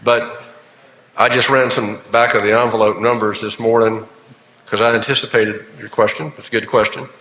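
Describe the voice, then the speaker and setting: A man's voice: on the low side, little pitch movement, pushed and bright, slight background noise. Man explaining a bill. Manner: measured, explanatory, with frequent fillers. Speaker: senator presenting a bill. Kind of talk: legislative floor speech. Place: legislative chamber. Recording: echoey chamber with long reverb.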